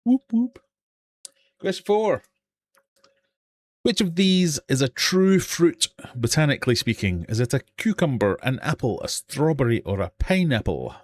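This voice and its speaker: A man's voice: mid-range voice, big pitch swings, moderate pace. A man with a British accent hosting a live-stream quiz from his fish room, reading questions and joking with the chat. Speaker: quiz host.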